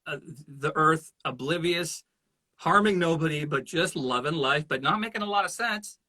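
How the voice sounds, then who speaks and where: Guy voice actor chatting, bright voice, jumps into silly voices. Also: a little high, moderate pace, no echo. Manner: animated storyteller who jumps into voices. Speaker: voice actor guest. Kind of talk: casual interview chat.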